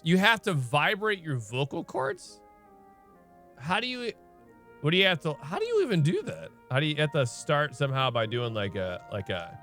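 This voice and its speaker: A male streamer talks casually over his gameplay, thinking aloud and asking question after question. His voice is high and bright. His pitch swings widely as he talks, with soft game music underneath. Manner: chatty, thinks aloud, asks many questions. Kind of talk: casual let's-play commentary.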